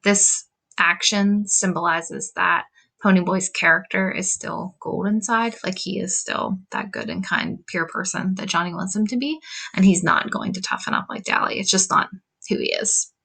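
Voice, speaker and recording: A woman's voice: on the low side, very animated, moderate pace, gravelly, pushed and bright. A woman teacher talking casually through a novel with a class, reading passages aloud and filling gaps with "um" and "like.". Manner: chatty, many "like" and "um" fillers; reads quotes from a novel aloud. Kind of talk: casual lesson walkthrough.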